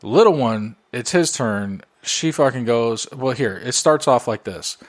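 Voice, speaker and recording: Guy on a podcast rambling thru a story, cussing a lot, mid pitched. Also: measured pace. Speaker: podcast co-host. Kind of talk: casual chat.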